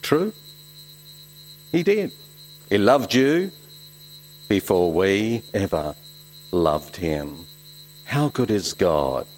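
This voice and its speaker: A middle-aged man, originally from Switzerland, preaching a sermon, swinging from loud emphasis to soft asides. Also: low voice, very animated, drawn-out words, long pauses, a little hiss or hum. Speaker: pastor.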